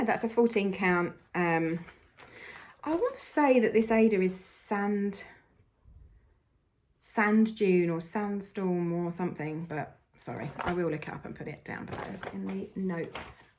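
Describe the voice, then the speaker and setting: A woman's voice: medium pitch, a little hiss or hum. A woman, a cross-stitch vlogger gushing enthusiastically through a casual show-and-tell.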